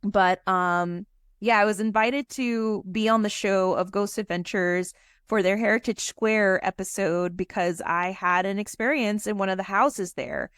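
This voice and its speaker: A woman guest on a podcast, telling a story in an animated, chatty way. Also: medium pitch, unhurried, clean tone, no echo, clean studio sound.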